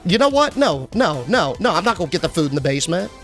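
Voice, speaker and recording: A young man streaming a game live, chatting casually and answering his chat with shout-outs. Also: high voice, sing-song, fast, faint music behind.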